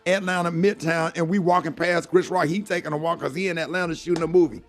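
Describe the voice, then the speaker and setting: High-voiced earnest man telling a story. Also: steady tone, quick pace, faint music behind. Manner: earnest, heartfelt, fills talk with "man" and "you know". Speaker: morning radio host. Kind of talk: storytelling on a morning show.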